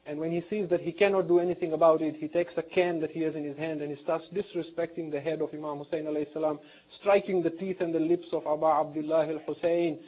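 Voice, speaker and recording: High-voiced man preaching, tinny sound. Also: flat delivery, fast talker. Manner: impassioned, voice rising toward a mournful cry. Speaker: Islamic lecturer. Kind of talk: sermon retelling a historical tragedy.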